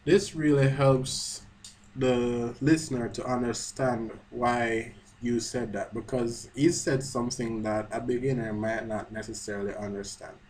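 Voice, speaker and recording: In a screen-recorded lesson, a language teacher chats as he types, correcting himself along the way over faint keyboard clicks. His medium-pitched, darkish voice is unhurried and fairly flat, and the low-quality recording has slight background noise.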